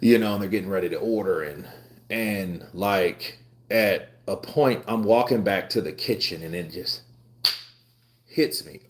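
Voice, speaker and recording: Slow, a little mellow, and sing-song, this man's voice sits on the low side. In his twenties and hosting a live stream, he keeps things laid-back, laughing frequently while telling rambling stories.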